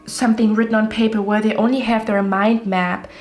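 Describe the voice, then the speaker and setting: Even-toned woman giving a tarot reading. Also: medium pitch, fairly quick, faint music behind. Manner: rambling, reassuring, addresses viewers directly. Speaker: tarot reader.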